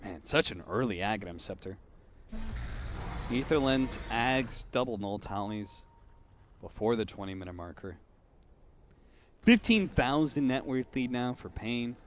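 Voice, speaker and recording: Lively man doing esports play-by-play. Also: medium pitch, unhurried, pauses often, slight background noise. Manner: lively, bursts into hype on big plays, wry banter. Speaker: esports caster. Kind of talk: play-by-play commentary.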